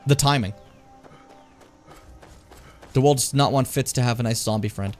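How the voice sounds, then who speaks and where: At a moderate pace and with long pauses, a medium-pitched man chats and jokes with viewers while streaming a fantasy role-playing game. His casual commentary is animated, and soft music plays in the background.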